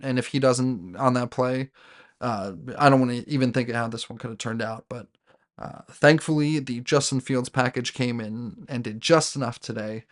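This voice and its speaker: A man's voice: medium pitch, normal speed. A man hosting a sports podcast, giving a casual solo recap of his team's game. He rambles as a fan, with many fillers and restarts. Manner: rambling, with frequent fillers and self-corrections; fan talking about his team as "we".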